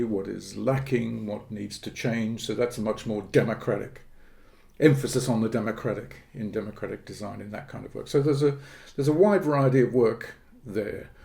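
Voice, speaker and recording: Gravelly, measured academic man. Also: on the low side, mellow. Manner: measured, academic, pauses with fillers and restarts. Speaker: guest, politics professor. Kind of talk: podcast interview.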